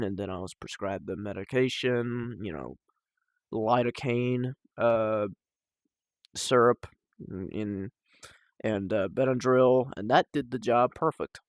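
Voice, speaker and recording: A young man talking casually and personally to the camera at home, halting and emotional, with sighs and restarts. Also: medium pitch, no echo, studio quality. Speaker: vlogger.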